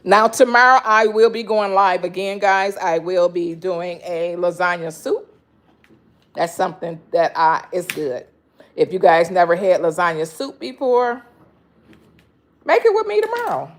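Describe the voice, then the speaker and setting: In her home kitchen, a woman live-streams while slicing fruit and juicing, calling out to viewers by name, chatting casually, and laughing frequently. She speaks a little slowly in a lowish voice.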